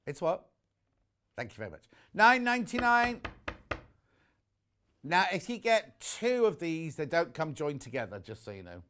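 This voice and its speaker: A man's voice: fairly high pitch, sing-song, moderate pace, pauses often, pushed and bright. A middle-aged man from the UK presenting fabric bundles on a live shopping channel, chatting in a rambling way full of jokey asides. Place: warm studio with the shutter doors open.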